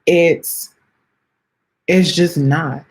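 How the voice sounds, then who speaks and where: A woman in her late twenties hosts a podcast and talks slowly and earnestly, on the edge of tears. Her voice is husky and a little breathy, and she stops, restarts and repeats herself as she speaks straight to her listeners. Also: low-pitched, fairly even intonation. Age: late 20s. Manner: halting, earnest, repeats phrases, addresses listeners as y'all. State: close to tears. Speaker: podcast host. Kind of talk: heartfelt personal reflection.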